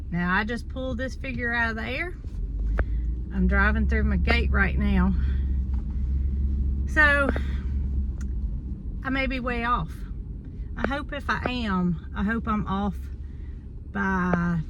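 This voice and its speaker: A woman with a slightly high, somewhat bright voice chats directly to viewers in a casual farm vlog shot on a handheld phone. She moves around the farm and truck, indoors and out, and the rough recording has slight background noise.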